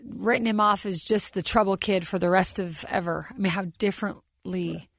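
A woman's voice: mid-range voice, fairly even intonation, moderate pace, gravelly, a bit bright, no room sound, clean studio sound. A woman hosting a podcast interview, affirming and enthusiastic toward her guest. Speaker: podcast host. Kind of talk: casual interview chat. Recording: music playing underneath.

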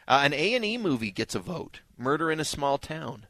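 A man's voice: a little high, sing-song, brisk, fairly bright tone, no echo. A man hosting a radio movie show in casual chat, reading listener texts aloud in an upbeat way.

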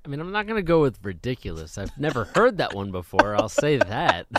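A man's voice: medium pitch, wildly swooping pitch, brisk, heavy background noise. A man working as producer on a talk radio show, joining the host in easygoing, hesitant banter. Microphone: studio microphone.

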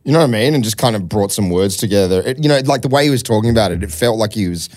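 A man's voice: on the low side, lively intonation, very fast, a little mellow. A young man hosting a comedy podcast, riffing loosely and swearing in casual chat. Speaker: podcast host.

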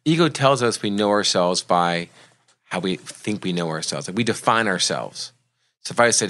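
Man, low voice, motivational coach, earnest and reflective, podcast chat. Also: lively intonation, moderate pace, fairly bright tone. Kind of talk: casual podcast conversation.

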